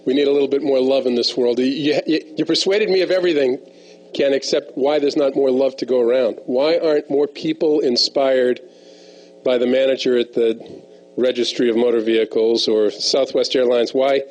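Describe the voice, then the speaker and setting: Halting male interviewer. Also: medium pitch, a little mellow, low-quality recording. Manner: probing, slightly halting questioner. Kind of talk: interview question.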